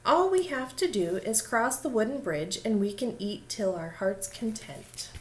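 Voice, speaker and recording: A woman's voice: on the high side, animated, a little slow. The biggest billy goat speaks firmly and steadily, the eldest brother in charge, as a woman reading a storybook puts him on. He sounds sure of himself and leads the others.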